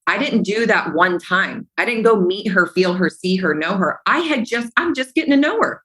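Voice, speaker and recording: A podcast guest talks at normal speed in a mid-range voice, and the audio is poor. Her stories are animated, full of acted-out past conversations and phrases repeated to drive points home.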